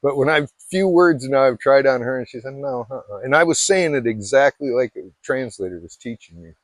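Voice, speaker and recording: A man's voice: mid-range voice, lively intonation, fairly quick, dry recording. A middle-aged man from Alaska chatting casually to camera, rambling and self-deprecating with many restarts. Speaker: vlogger.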